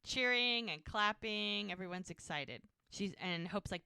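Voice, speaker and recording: Bright-voiced woman recapping a show. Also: mid-range voice, a little slow, gravelly, hardly any pauses, smooth, dry recording. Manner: retells scenes by quoting characters, with frequent "he's like". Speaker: podcast co-host recapping a TV episode. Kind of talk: casual recap chat.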